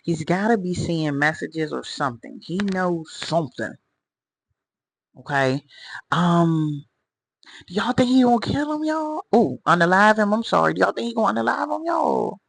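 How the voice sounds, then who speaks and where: A woman's voice: lowish voice, very animated, moderate pace, vocal fry, husky. A woman hosting a reaction video, stopping the clip to throw questions at her viewers. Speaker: reaction host. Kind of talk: casual reaction commentary.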